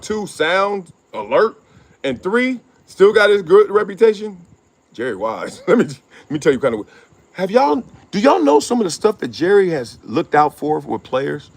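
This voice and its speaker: A middle-aged man hosting his own show, riffing in slangy casual commentary, laughing often and acting out quotes. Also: high-pitched. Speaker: show host.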